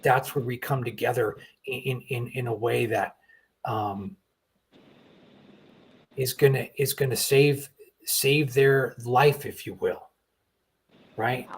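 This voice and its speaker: A man's voice: mid-range voice, slow, long pauses, slightly rough. Earnest middle-aged male talk host. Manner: earnest, repeats words when starting thoughts. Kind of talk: conversational talk show chat.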